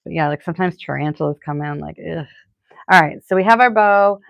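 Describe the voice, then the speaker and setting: Speaking fast in a lowish voice, a Boston-accented, middle-aged woman chats and rambles through a live crafting stream, leaning on plenty of fillers. She's a florist, and the audio is muffled with no room sound.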